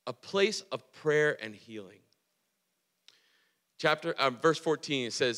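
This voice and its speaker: A man preaching a casual, excitable sermon, telling a story with many restarts and filler words. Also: on the high side, moderate pace, big-room sound. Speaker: pastor.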